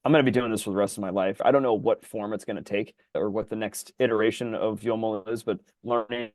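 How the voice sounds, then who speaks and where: A man co-hosting a podcast in casual chat, rambling and animated, his voice jumping high when he gets excited. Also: fast talker, dry recording. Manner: rambling, animated storyteller full of fillers. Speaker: podcast co-host.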